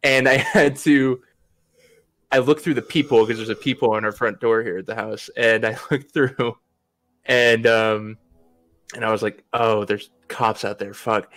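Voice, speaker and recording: A man's voice: medium pitch, steady tone, moderate pace, a bit bright. Rambling, swearing young man telling a story. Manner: rambling, laughs often, swears freely. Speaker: podcast host. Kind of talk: casual storytelling chat.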